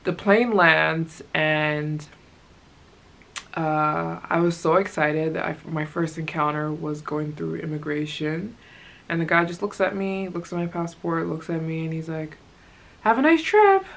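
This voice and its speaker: Young female travel vlogger, low-pitched, chatty storyteller. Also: little pitch movement, a little slow, vocal fry, fairly bright tone. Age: young adult. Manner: chatty, acts out quoted people. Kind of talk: casual storytelling.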